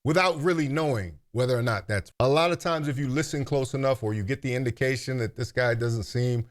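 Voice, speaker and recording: A man's voice: mid-range voice, brisk. A man hosting commentary, making a pointed, rhetorical argument. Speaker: commentary host.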